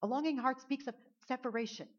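A woman with a fairly high voice preaches in an earnest, chatty way, restarting phrases as she drives her point home. The recording is dull and lo-fi, as if taped at a church service. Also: fast. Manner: earnest, conversational, repeats words while building a point. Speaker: pastor. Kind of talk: sermon. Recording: dull lo-fi sound.

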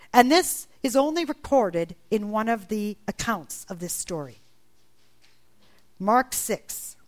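A woman preaching a sermon, animated, acting out the voices in the Bible story she retells. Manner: animated, acts out voices in quotes with big pitch jumps.

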